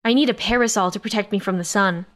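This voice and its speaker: A woman's voice: mid-range voice, quick pace, a bit bright, lightly acted. A woman narrator voicing a spoiled, whining older woman in an audiobook. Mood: whiny. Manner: whining, entitled.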